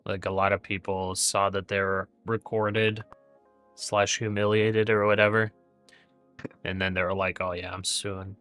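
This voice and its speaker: Male trading-stream host, casual, rambling; bright, forceful tone. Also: deep voice, little pitch movement, a little slow, clean tone, soft background music. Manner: chatty, thinks aloud with fillers and restarts. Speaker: day trading livestream host. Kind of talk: casual live trading commentary.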